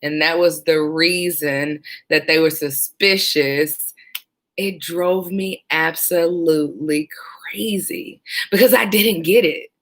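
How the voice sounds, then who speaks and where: A former 911 dispatcher telling stories from the job in a casual, animated way, often breaking into laughter. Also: female voice, sits low, slow pace. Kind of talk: casual storytelling vlog.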